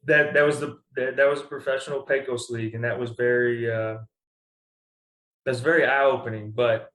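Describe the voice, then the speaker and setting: A man's voice: medium pitch, steady tone, moderate pace, a bit bright. A young man from Kentucky telling stories as a guest in a casual interview, rambling and full of fillers. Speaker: baseball pitcher, guest. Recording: echoey room.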